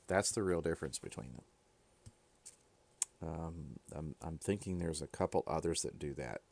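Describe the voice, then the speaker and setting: A Greek teacher works through a recorded grammar lesson in a low-sitting voice, and the recording is dry. He keeps it informal, thinking aloud with fillers and correcting himself along the way.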